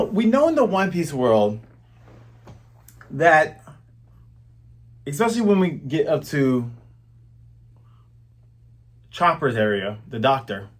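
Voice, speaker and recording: Animated man in his thirties reviewing manga. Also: fairly high pitch, breathy edge. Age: 30s. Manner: animated, slangy, chatty. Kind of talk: casual commentary.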